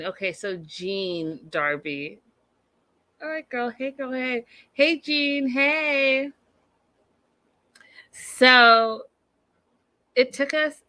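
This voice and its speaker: A woman's voice: medium pitch, a bit bright, no echo. A woman hosting a live TV recap, chatting casually and animatedly, full of asides and filler words. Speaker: host of a live TV recap show. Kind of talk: casual chat, reacting to live chat.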